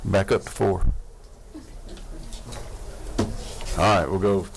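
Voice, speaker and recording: Man, low voice, committee chair reading amendments, faint room hiss. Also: steady tone. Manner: reads amendments slowly and deliberately. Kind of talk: chairing a legislative committee vote.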